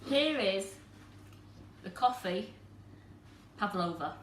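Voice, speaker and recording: Woman, mid pitch, talks viewers through a live cooking demo in an echoey kitchen with faint background hum. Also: lively intonation, slow. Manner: chatty, explains step by step to viewers. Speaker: cooking demonstrator and host.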